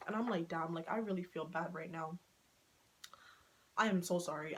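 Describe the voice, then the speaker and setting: A woman vlogger telling a dramatic personal story in a casual, animated storytime chat, swearing freely and acting out what people said. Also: on the low side, normal speed, slight background noise, low-quality recording.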